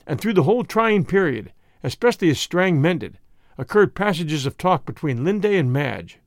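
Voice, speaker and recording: Man with a lively reading voice. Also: fairly high pitch, normal speed, no echo, clean studio sound. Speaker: narrator. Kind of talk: audiobook narration of a classic story.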